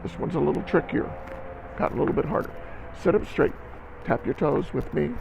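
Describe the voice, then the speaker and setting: A man's voice: a little high, a little fast, gravelly, a little mellow, a little hiss or hum, low-quality recording. A man teaching a recorded band lesson to students, encouraging them and counting beats aloud.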